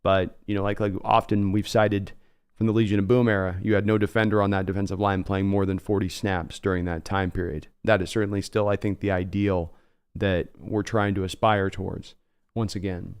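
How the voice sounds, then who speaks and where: Man, stream host, low voice, clear, casual analytical draft talk. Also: little pitch movement, a little fast. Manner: analytical, casual, reads viewer comments. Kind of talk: live stream draft commentary.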